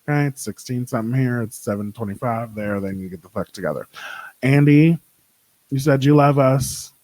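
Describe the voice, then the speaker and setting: A young man hosting his own show, chatting casually with a sassy, profane, animated way of telling stories. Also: mid-range voice, normal speed, dry recording, low-quality recording. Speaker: podcast host. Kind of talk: casual solo chat.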